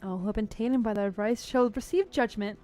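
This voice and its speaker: A woman's voice: medium pitch, brisk, dark tone, faint music behind, pitched below the performer's own voice, close to an everyday voice. A woman voicing a cruel male enforcer of an inquisition who speaks in a formal, pious, menacing way. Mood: stern.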